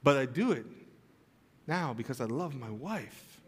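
A man preaching a sermon as pastor, telling a funny home story, then turning soft and earnest. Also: mid-range voice, a little slow, big-room sound, slight background noise. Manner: storytelling with humor, swings from animated to soft and earnest. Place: church sanctuary.

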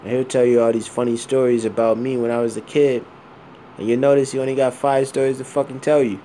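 A man's voice: medium pitch, little pitch movement, quick pace, warm tone, slight background noise. A man of around forty talking bluntly and with plenty of swearing in a rambling personal monologue, full of fillers and repeated asides.

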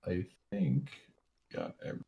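A man's voice: low-pitched, wildly swooping pitch, normal speed, gravelly, dull audio, a little hiss or hum. A man playing in a tabletop game, hesitating as he thinks aloud. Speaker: player. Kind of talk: casual tabletop play.

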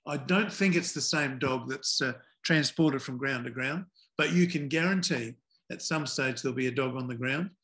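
A man's voice: medium pitch, normal speed, a bit bright. Older man, dry humorous storyteller. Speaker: retired cricket umpire, guest. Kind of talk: podcast interview anecdotes.

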